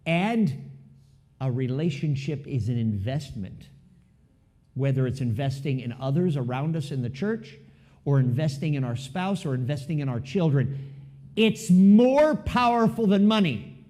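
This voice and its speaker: A man preaching a sermon in church as pastor, swinging between loud and soft and throwing in joking asides to the congregation. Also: on the high side. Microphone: live stream recording.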